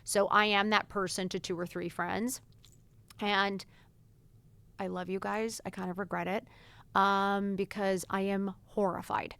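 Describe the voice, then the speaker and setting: Woman in her forties, candid podcast host, casual chat, blunt and lively. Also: medium pitch, measured pace, vocal fry, long pauses, smooth. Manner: frank and animated, swears freely, acts out quoted exchanges. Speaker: podcast host answering follower questions.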